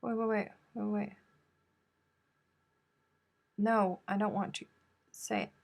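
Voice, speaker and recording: A woman's voice: medium pitch, level tone, takes it slowly, gravelly. A woman hosting a casual crochet livestream, chatting playfully with viewers and reading their comments aloud. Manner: chatty, playful, drawling Southern turns of phrase.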